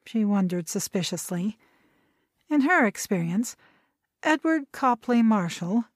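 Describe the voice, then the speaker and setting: A woman reading a novel aloud as an audiobook narrator, with measured storytelling. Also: medium pitch, lively intonation, no echo, studio quality. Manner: measured storytelling, voicing characters' dialogue.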